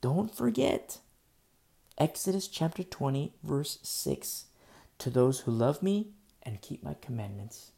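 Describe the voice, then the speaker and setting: A male preacher with a gravelly, creaky voice delivers an earnest sermon. He shifts between hushed, pleading passages and sudden emphatic bursts. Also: fairly high pitch, big pitch swings, takes it slowly.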